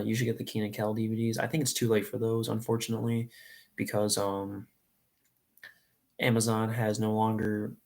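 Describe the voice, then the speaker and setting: Young man, late teens, livestream chat, low-ish voice, gravelly, earnest, rambling. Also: a little mellow. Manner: earnest, rambling, openly emotional. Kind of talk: casual live stream chat.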